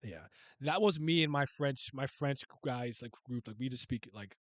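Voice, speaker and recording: A young man from Canada chatting casually on a live stream, answering comments in an animated way and swearing freely. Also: mid-range voice, moderate pace, no echo. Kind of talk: casual live reaction chat.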